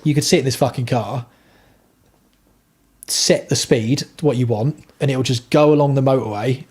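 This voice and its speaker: Husky, sweary man chatting. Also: mid-range voice, normal speed, a little mellow. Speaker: livestream host. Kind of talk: casual chat with viewers.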